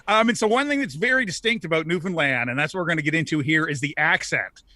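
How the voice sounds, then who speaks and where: A man from Canada talks chattily, explaining a topic with frequent fillers. His voice is fairly high and bright, with a forceful edge. The sound is dry and close. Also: quick pace, dry recording. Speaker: regular contributor. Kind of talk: casual explainer segment.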